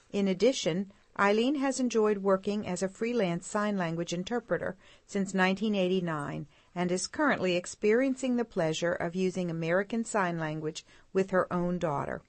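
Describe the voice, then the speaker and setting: A woman co-hosting a parenting show, reading a scripted guest introduction in a measured, even way. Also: mid-range voice, no echo. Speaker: radio show co-host.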